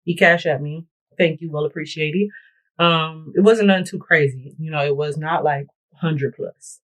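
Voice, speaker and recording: A woman's voice: low voice, normal speed, low-quality recording. A woman vlogger chatting bluntly and profanely through a storytime while she does her makeup and hair. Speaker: beauty vlogger. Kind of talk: get-ready-with-me storytime chat.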